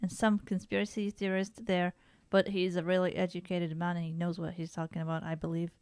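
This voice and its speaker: A woman's voice: on the low side, monotone, a little fast, darkish tone, clear, resonant tone, no room sound, clean studio sound. A woman co-hosting a podcast in casual chat, talkative with frequent laughs and restarts. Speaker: podcast co-host.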